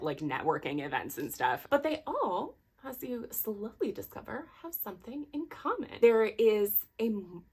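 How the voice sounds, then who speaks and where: A woman with a slightly low-pitched voice gives a casual book review on her own channel. She rambles along in loose, chatty phrases packed with fillers and drops in self-deprecating apologies. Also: a bit bright, husky. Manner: rambling and chatty, full of "like" and "you know". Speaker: book vlogger.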